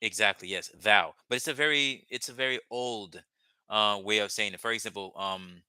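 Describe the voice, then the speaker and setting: Man, forceful bright voice. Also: lowish voice, clear, resonant tone, no room sound. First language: Haitian Creole. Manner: patient, repeats words slowly for drilling. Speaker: language teacher. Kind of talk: live online language lesson.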